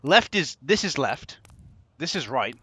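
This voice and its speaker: A man's voice: fairly high pitch, sing-song, unhurried, sharp tone, breathy edge, no echo. Sarcastic young man commenting on gameplay. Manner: sarcastic, exasperated, swears freely. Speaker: game commentator.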